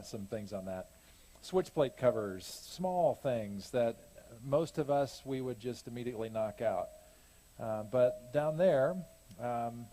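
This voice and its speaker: A man's voice: medium pitch, mellow. A man giving a casual, rambling report on a church mission trip, often correcting himself and laughing at his own jokes. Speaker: church mission team speaker.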